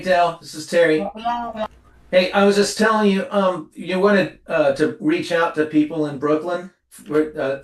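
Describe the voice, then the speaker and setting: A man's voice: on the high side, echoey room, recorded from a distance. A man co-hosting a talk show, riffing crude comedy and laughing at his own jokes. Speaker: podcast co-host.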